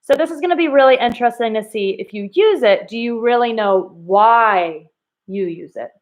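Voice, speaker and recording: This recorded reading lesson for children is taught by a woman whose voice leans high. She acts out the quotations and asks her questions in a slow, emphatic way.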